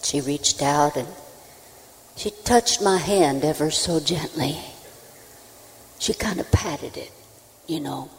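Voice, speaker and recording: A woman's voice: deep voice, slow, long pauses. Folksy woman telling stories onstage. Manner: folksy, animated, with acted-out voices. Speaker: country singer and storyteller. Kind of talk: onstage comic storytelling. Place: live stage before an audience. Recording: reverberant live hall.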